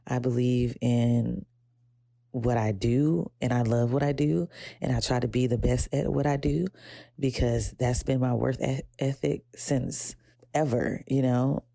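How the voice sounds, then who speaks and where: A woman's voice: fairly even intonation, unhurried, warm tone, no echo, studio quality. A young adult woman with a Southern American accent, hosting a podcast, talking casually and reflectively, rambling and getting teary at times. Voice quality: gravelly low voice. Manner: reflective, rambling, quotes her inner voice in high pitch. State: emotional, teary. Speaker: podcast host. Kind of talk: casual personal talk.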